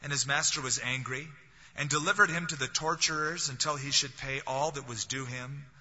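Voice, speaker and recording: A man's voice: medium pitch, fairly even intonation, moderate pace, pushed and bright, slightly rough. A man preaching a sermon in a conversational way, with wry, humorous asides. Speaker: pastor. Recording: reverberant hall, dull lo-fi sound.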